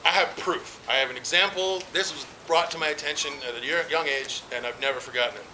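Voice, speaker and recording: A man's voice: on the high side, fast, pushed and bright. A man performing rambling stand-up comedy stories at an outdoor barbecue, with frequent fillers. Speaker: amateur stand-up comic. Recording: noisy outdoor party recording.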